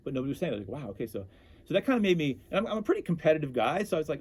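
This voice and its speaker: Fast-talking animated male storyteller. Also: mid-range voice. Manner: animated, self-interrupting storyteller. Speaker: interview guest. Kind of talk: casual storytelling.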